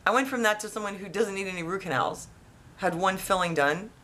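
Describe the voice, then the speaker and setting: A woman casually telling a personal story, rambling and animated with lots of restarts. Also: mid-range voice, brisk. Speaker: vlogger.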